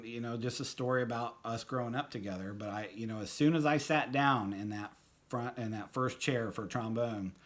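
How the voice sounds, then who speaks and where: Middle-aged man telling a halting personal story. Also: medium pitch, fairly bright tone. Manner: halting, many fillers and restarts; fond, reminiscing. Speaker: storyteller at a tribute. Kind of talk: personal anecdote, casual.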